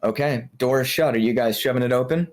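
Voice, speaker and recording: A woman narrating a tabletop horror game as game master, playful and quick to laugh. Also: very deep voice. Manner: lively, playful, laughing narration with sudden voice swings.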